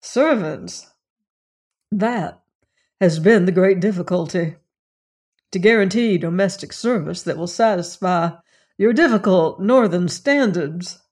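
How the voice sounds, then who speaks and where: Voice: medium pitch, slow pace, pauses often, darkish tone. A puffed-up estate agent, voiced by an audiobook reader, proud of every word, rolling out long, ornate sentences with lofty dignity. He sounds a little raised and emphatic, as though addressing a client he wishes to impress. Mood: pompous. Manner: grandiose, orotund phrasing. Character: pompous male real estate agent, proud and flowery. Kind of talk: audiobook character reading.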